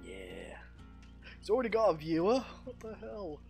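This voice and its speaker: A man's voice: sits high, huge pitch swings, normal speed, creaky, faint music behind. Giggly man hosting a game stream. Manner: giggly, laughs often while talking. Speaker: streamer host. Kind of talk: casual gaming stream chat. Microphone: headset.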